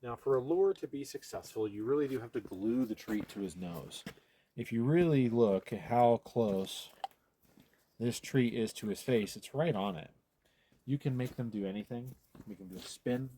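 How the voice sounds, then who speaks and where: This dog trainer has a mellow, mid-range voice and a moderate pace as he teaches viewers step by step during a hands-on session. Every so often he stops to coax or praise the dog he's working with. A little hiss or hum is audible.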